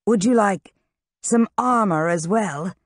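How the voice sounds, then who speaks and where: A playful young male wizard who loves to show off, his lines drawn out at an unhurried pace, as an audiobook reader puts him on. He teases more than he threatens. The sound is close and dry, with no room around it. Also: medium pitch, no room sound, pitched above the performer's own voice. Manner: teasing and showy. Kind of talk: audiobook character reading.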